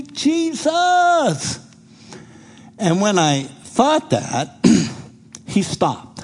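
A middle-aged man with a husky voice tells his testimony from the pulpit like a storyteller. His pitch swings up and down as he acts out the people in his story. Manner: animated storyteller who acts out quoted speech. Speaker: preacher giving a testimony.

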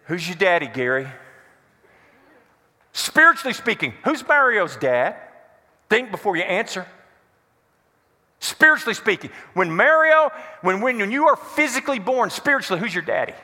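Animated pastor preaching, bright and high. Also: male voice, moderate pace. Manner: animated, quizzes the congregation with call-and-response questions. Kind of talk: sermon. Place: church hall before a congregation. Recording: echoey hall reverb.

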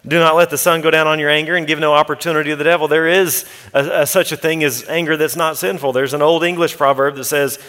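A man's voice: fairly high pitch, steady tone, quick pace, few pauses, a bit bright, big-room sound. A man, a pastor with young children, preaching an earnest, practical sermon and quoting scripture as he goes. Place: church sanctuary.

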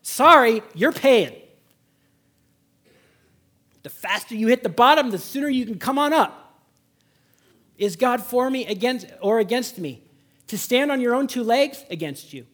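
Husky-voiced pastor preaching a sermon, high-pitched. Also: male voice, animated, measured pace, long pauses. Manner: swings from loud exhortation to hushed, intimate emphasis. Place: church service.

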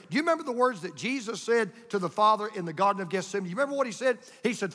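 High, bright-voiced older preacher. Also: male voice, animated, very fast, few pauses, in a large hall. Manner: folksy storytelling, emphatic. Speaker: pastor. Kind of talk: sermon.

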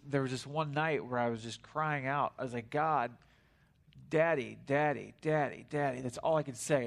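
Casual, rambling man preaching a sermon. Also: medium pitch. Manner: casual, rambling, frequent fillers and asides to the congregation. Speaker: guest preacher. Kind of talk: conversational sermon. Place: church sanctuary.

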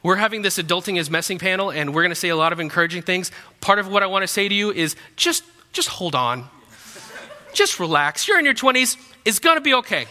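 A man's voice: sits high, lively intonation, quick pace, bright, forceful tone. A young man preaching a sermon as pastor, talking in a conversational, joking way. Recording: long hall reverb.

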